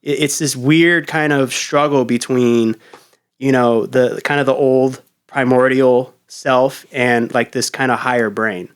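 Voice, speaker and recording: A man's voice: mid-range voice, fairly even intonation, unhurried, clean tone. A man hosting a podcast, laid-back and swearing freely in casual chat. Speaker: podcast host.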